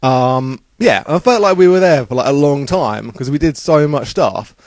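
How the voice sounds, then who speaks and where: A man's voice: mid-range voice, expressive, moderate pace, darkish tone, no room sound. A young man casually recounting a trip in a rambling, upbeat way, full of fillers. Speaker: vlogger. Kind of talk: casual travel vlog.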